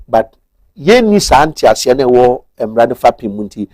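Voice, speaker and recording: A man's voice: medium pitch, very animated, normal speed, darkish tone, no echo. A man with a Ghanaian accent explaining marriage law on a talk show, methodical and switching between Twi and English.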